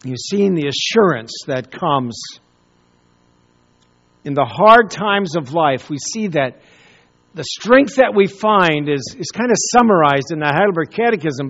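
A man preaching a sermon, telling a story with pauses and repeated words. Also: high-pitched, muffled recording. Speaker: pastor.

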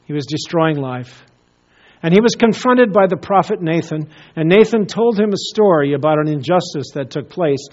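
A male pastor delivers a sermon, telling a story in an earnest, storytelling manner. His voice sits somewhat high, and he swings from emphatic peaks down to hushed, solemn passages. The recording sounds dull and lo-fi. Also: animated, normal speed.

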